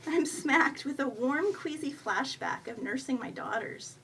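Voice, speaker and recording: A woman's voice: high-pitched, wildly swooping pitch, unhurried, a bit bright. A woman in her thirties reading her own humorous first-person story aloud at a live event, with a wry, self-mocking delivery. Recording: faint noise, voice a bit far from the mic.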